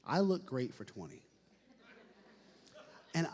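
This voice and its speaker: A man emceeing a banquet, joking with the audience and shouting playful announcer calls. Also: medium pitch, very animated, normal speed. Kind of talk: hyping up a live audience. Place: large banquet hall. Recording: echoey hall.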